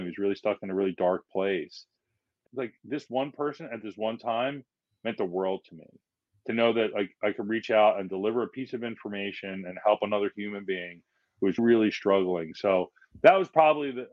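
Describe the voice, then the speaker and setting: A firefighter from Philadelphia, a man telling stories as a podcast guest, acting out the people he quotes in lively voices. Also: lowish voice, no echo, lo-fi sound. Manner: animated, acts out quotes in changing voices. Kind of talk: casual storytelling in a podcast interview.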